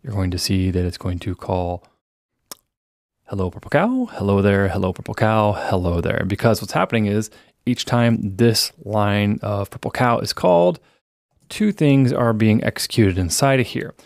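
Low-voiced male instructor, casual walkthrough of code on screen, dry close-mic sound. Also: moderate pace, vocal fry, no echo. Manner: casual explanatory, reads program output aloud. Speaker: programming instructor. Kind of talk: screencast coding lesson.

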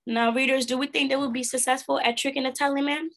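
A woman reading a storybook aloud expressively as a teacher, pausing to pose questions to her listeners. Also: high-pitched, little pitch movement, a bit bright.

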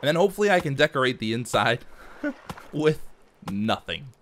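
A man talking his way through a survival game, chatty and playful, narrating each move and joking to himself. His pitch swings widely from line to line, rising and falling as he reacts. It is casual gameplay commentary, loose and unscripted. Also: big pitch swings, normal speed, background noise. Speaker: let's play host.

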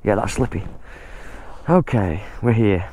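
A man's voice: fairly low pitch, lively intonation, unhurried. Guy on an e-bike in muddy woods, out of breath, chatty, a bit of noise behind. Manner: chatty, exclaims at the mud. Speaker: vlogger riding an e-bike. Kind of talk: casual running commentary.

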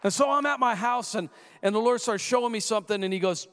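A man in his thirties preaching a sermon, telling a family story in an animated way, acting out the voices and rising to shouts. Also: high voice, fast talker, some chatter behind. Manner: animated storyteller who acts out quoted voices and rises to shouts. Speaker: guest preacher. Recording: long echoing hall reverb.

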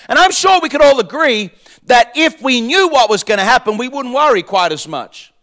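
A male pastor, preaching a sermon with emphatic, repeated lines that move between raised, shouted points and quieter asides. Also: very high voice, animated, moderate pace. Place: church.

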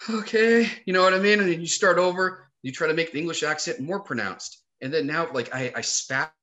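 A man's voice: fairly high pitch, a little fast. A man, a podcast guest who is an actor and comedian, telling funny stories in casual chat, swearing freely and acting out what people said. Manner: animated storyteller, swears freely, acts out quotes.

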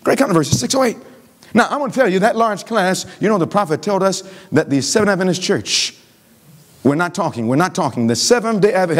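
Fervent preacher with a lively, high voice. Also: male voice, quick pace. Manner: call-and-response questioning of the congregation; fervent, swings between loud emphasis and low pleading. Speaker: pastor. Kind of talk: revival sermon. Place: church sanctuary.

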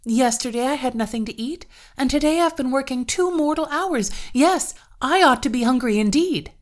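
A woman raises her voice into a hungry young farm boy from a folktale, exasperated and protesting loudly. His lines ring higher and more forceful than the narration around them. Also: lively intonation, moderate pace. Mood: indignant.

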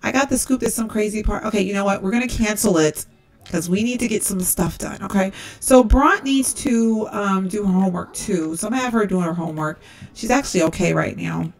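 A woman's voice: fairly quick, faint music behind. A woman hosting a casual let's-play, chatting through her gameplay and often calling her viewers y'all. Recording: distant low-quality game capture.

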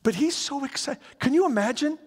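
A middle-aged man preaching a sermon in a lively, conversational way, acting out little scenes as he goes. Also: very high-pitched, fairly quick. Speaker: pastor. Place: church sanctuary. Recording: reverberant hall.

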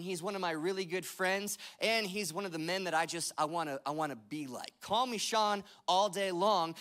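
A pastor in his thirties delivering a sermon, telling stories with self-mocking humor and dropping to a hushed voice when he prays. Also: high voice. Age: 30s. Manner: drops to a soft, hushed voice in prayer.

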